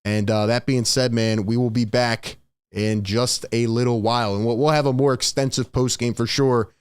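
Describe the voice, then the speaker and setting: A man hosts a live halftime reaction stream with emphatic, frustrated energy, often saying his points twice. His voice sits at an ordinary pitch. The sound is dry and close, with no room echo. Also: steady tone, normal speed, clean tone. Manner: frustrated, emphatic, repeats himself. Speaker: sports show host.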